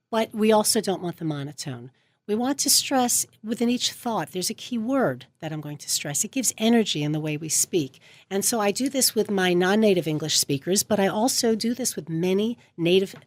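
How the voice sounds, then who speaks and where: A woman's voice: fairly low pitch, expressive, moderate pace, darkish tone, no echo. A woman speech coach giving a radio interview from a studio, talking emphatically and stressing key words as she explains. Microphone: studio microphone.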